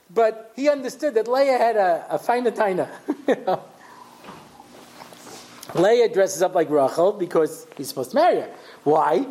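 The recording is low quality, and the rabbi's voice is high-pitched with a darkish tone. His Torah class mixes lecture and storytelling, delivered conversationally as he acts out voices and checks in with "yeah?".

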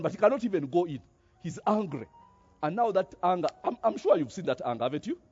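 A man preaching a sermon, animated, with many rhetorical questions and a habit of tagging "eh?". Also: fairly high pitch, breathy edge, highs cut off.

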